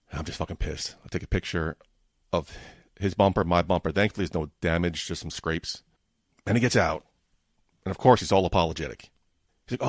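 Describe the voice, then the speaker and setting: A man's voice: low-pitched, fairly quick, long pauses, no room sound, clean studio sound. A man hosting his own podcast, telling a frustrated, profane story about his bad week in a casual monologue. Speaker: podcast host.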